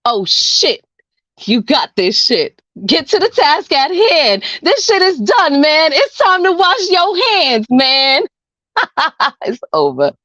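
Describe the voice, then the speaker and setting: A woman's voice: sits high, big pitch swings, slow pace, sharp tone, no echo, highs cut off. A woman performing a spoken word poem over a video call, laughing between lines and swearing freely, then chatting casually. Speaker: open mic poet.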